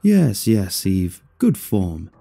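A man voicing a meek, downtrodden male hand puppet who speaks slowly and sounds resigned. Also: deep voice, very animated, creaky, dark tone, dry recording, faint music behind, full character voice. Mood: mild. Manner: slow, mopey, resigned.

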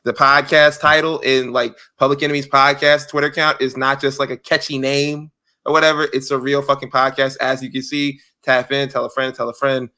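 Man, podcast co-host, bright sharp tone, casual animated banter, swears a lot. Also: mid-range voice, brisk. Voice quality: animated, swearing, mocking impressions. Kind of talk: casual chat.

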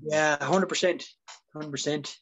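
High-voiced man in blunt casual chat. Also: steady tone, a little slow, gravelly, a bit bright, muffled recording, slight background noise. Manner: blunt, swears, seeks agreement often. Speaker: podcast co-host.

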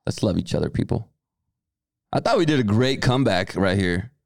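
A man with a Mexican accent co-hosting a podcast in a playful, easygoing chat. His pitch swings around a lot as he jokes, and the sound is dry and close. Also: lively intonation, normal speed, vocal fry, no echo. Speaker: podcast co-host. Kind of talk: casual chat.

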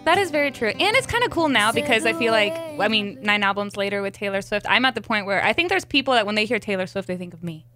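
A woman co-hosting a casual podcast, chatting in a bubbly way, full of "like" and quick laughs. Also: medium pitch, lively intonation, bright, forceful tone, soft background music. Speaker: podcast co-host.

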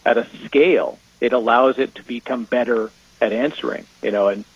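Canadian guy on a panel, jokey and animated, bit husky, dull lo-fi sound. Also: medium pitch, normal speed, no room sound. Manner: joking, animated, laughs often. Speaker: panel guest. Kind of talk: casual panel discussion. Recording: dull lo-fi audio.

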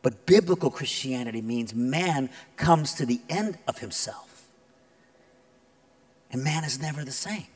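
A man preaching to a congregation in a loose, chatty storytelling voice full of fillers. He swings from easy talk up to loud, emphatic high points. His voice sits in an ordinary middle range for a man. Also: a little slow, pauses often. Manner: animated storyteller, builds to loud emphatic peaks; conversational, many fillers. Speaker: guest preacher. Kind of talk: sermon with storytelling.

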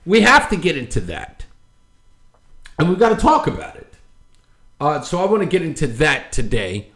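A man's voice: on the high side, normal speed. A man hosting a talk show, ranting with frequent laughs and loose fillers. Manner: ranting, animated, laughs often, many fillers. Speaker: show host. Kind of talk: opinionated political commentary.

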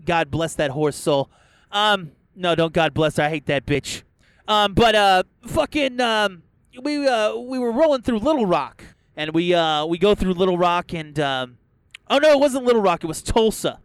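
A man with a high voice rants through a casual podcast recorded inside a car. He swears in nearly every line and keeps flaring into loud outbursts. The sound is dry and close, with no room echo. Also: lively intonation, moderate pace, clean tone. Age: adult, past a first marriage. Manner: crude, swears constantly, bursts into yelling. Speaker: podcast host. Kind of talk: profane casual rant.

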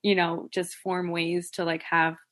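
A woman from New Jersey chatting casually as a podcast co-host and mother, talking in an animated way with frequent laughter and swearing. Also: fairly low pitch, unhurried. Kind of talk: casual chat.

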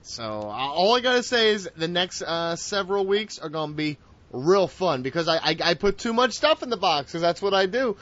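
A man hosting a casual wrestling podcast, loud and excitable, with swearing banter. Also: sits high, moderate pace. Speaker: podcast host. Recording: dull lo-fi audio.

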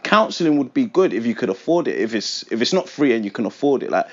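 A man's voice: medium pitch, sing-song, quick pace. A young man, talking earnestly and reflectively in casual chat, with plenty of slang. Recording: dull lo-fi sound.

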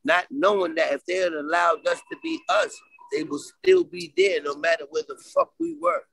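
A streetwise man with a Brooklyn New York accent speaks as a podcast guest over a video call. His voice runs a little high and gravelly. The sound is dry and close. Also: huge pitch swings, moderate pace, a bit bright, dry recording, rough recording. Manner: streetwise, emphatic, keeps asking if you follow. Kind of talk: casual interview talk.

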